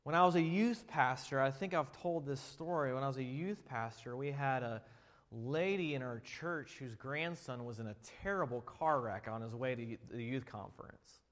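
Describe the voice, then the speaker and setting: A man preaching a sermon as pastor, shifting between loud emphatic passages and quiet storytelling. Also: mid-range voice, moderate pace. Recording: long hall reverb.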